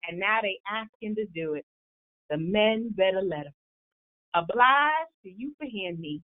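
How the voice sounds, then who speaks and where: A woman's voice: medium pitch, expressive, moderate pace, natural voice. A woman performing a proud old formerly enslaved woman orator in a Southern dialect, with a rhythmic, preacherly cadence. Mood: rousing. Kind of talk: dramatic recitation of a historic speech. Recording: tinny phone-like line.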